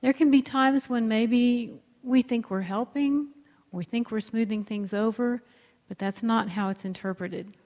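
A woman co-hosting a teaching talk on marriage, explaining in a calm, conversational way. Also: a little high, unhurried, in a large hall.

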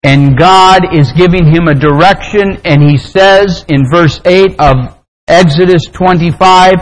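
A man pastor preaching a sermon, praying and telling a story in an earnest, deliberate way. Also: sits high, rough recording. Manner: slow, deliberate, earnest delivery.

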